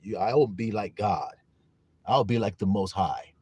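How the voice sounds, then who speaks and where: Male livestream preacher, emphatic, animated pitch, dry close recording. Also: a little slow, slightly rough, no room sound, dull audio. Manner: emphatic, repeats questions to listeners; greets viewers in chat. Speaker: preacher on a live stream. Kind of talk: livestream sermon.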